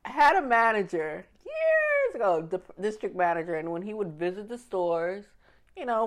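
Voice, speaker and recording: A woman chatting with a friend, expressive and quick to laugh. Her pitch moves a lot, rising and falling as she talks. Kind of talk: casual chat.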